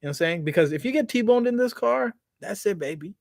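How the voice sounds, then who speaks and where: A man co-hosting a casual livestream Q&A, talking in an animated, slangy way and often repeating his words. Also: extremely high pitch, fast talker, gravelly, no room sound, studio quality. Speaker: co-host answering viewer questions.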